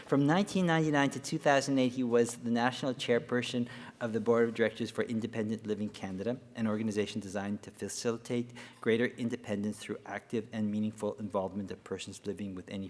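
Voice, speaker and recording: A man's voice: fairly low pitch, darkish tone. A man moderating a conference panel, introducing the next speaker in an upbeat way with many fillers. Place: large conference room. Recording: long reverb of a hall.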